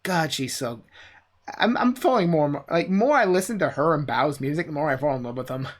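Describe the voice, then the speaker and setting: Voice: mid-range voice, animated, brisk. A reaction streamer giving enthusiastic, rambling commentary full of "like"s.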